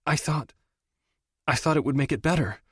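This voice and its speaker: A man's voice: a little high, normal speed, slightly rough, no echo, studio quality, pitched above the performer's own voice. Raised-voice young woman, defiant, tearful, stage-whisper breaks, male narrator doing her. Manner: pleading, defiant, wailing. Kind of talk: audiobook character voice.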